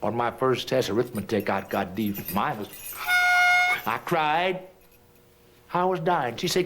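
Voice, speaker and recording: A man performing a rhythmic, rhyming story, swooping between soft and loud in a sing-song way. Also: mid-range voice, a little slow, long pauses, background noise.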